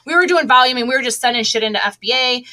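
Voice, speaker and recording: A woman's voice: sits high, very fast, bright, forceful tone. A middle-aged woman, an online seller, talking casually as an interview guest with a chatty, laughing manner and many restarts.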